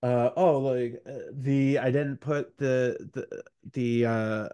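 A man's voice: medium pitch, fairly even intonation, slow, warm tone, clear, resonant tone, dry recording. Rambling man on a dry mic. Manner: rambling, self-deprecating, lots of fillers. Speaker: podcast co-host. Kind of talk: casual gaming podcast chat.

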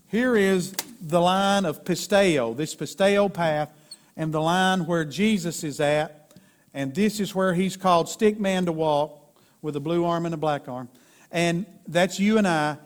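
A man preaching a sermon in a folksy way, sketching stick figures and building to emphatic peaks. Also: high-pitched. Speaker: pastor.

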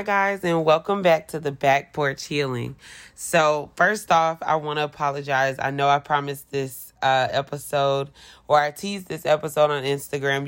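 Chatty, playful woman podcast host. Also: low-pitched. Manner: chatty and playful, laughs often. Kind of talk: casual chat.

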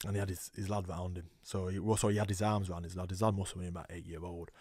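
Young guy, rugby player on a podcast, lowish voice, dry studio sound, tells stories and acts out quotes. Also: quick pace, breathy edge, no echo. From England. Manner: storytelling, animated quoting, laughs often. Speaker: rugby league player guest. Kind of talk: casual interview chat.

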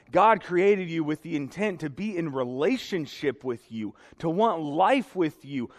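A young man preaching a sermon to a congregation, earnest and emotional. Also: fairly high pitch. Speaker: pastor. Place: church sanctuary. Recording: reverberant hall.

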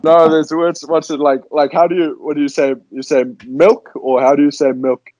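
A man's voice: fairly high pitch, steady tone, normal speed, a little mellow, dry recording, lo-fi sound. A man with a South African accent, a podcast guest chatting in a laid-back, self-deprecating way over a video call. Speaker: podcast guest, fishing guide.

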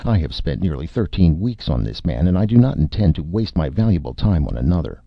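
A man voicing a bombastic, self-important male film director who shouts his lines theatrically, in a dry, slightly muffled recording. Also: low-pitched, big pitch swings, brisk, gravelly, no echo, full character voice. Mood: indignant.

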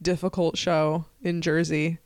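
A woman's voice: low-pitched, flat delivery, darkish tone, no room sound. Giggly woman co-host, dry close sound. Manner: giggly, quick reactions. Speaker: podcast co-host, comedian. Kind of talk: casual comedy chat.

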